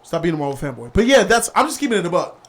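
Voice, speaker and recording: A man with a fairly high voice hosts a heated, casual pop-culture debate. He talks bluntly and combatively, full of slang, daring anyone to disagree. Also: sing-song, racing, a bit bright, slight background noise. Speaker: show host.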